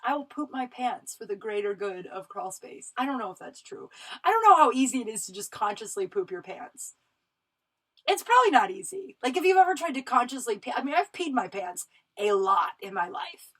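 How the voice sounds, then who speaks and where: A woman's voice: fairly high pitch, fairly bright tone, low-quality recording. A woman in her thirties from Colorado hosting her own podcast, talking casually and emphatically, swearing often and restarting her sentences. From Colorado, USA. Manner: profane, emphatic, with frequent fillers and restarts. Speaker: podcast host. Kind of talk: casual solo podcast monologue.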